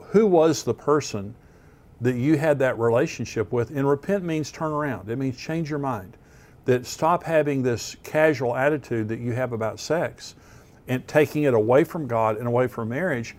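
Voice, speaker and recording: Male pastor, mid-pitched, earnest sermon delivery, plain and direct. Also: a little mellow. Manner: earnest, plain-spoken teaching with restarts.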